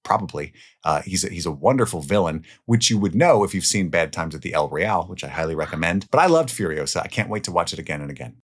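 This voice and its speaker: A man with a very low, deep voice gives his picks of the year's films in a loose, chatty way. His delivery swings between excited, louder bursts and quiet, muttered asides, with the odd swear word. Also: fast, hardly any pauses, slightly rough. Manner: enthusiastic, swears casually, jumps between loud highs and quiet lows. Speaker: film reviewer. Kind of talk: casual spoken movie countdown.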